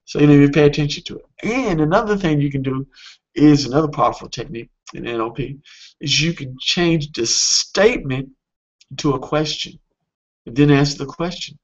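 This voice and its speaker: A man coaching on a webinar in a casual, earnest way, often pausing with fillers and restarting his sentences. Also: a little high, highs cut off.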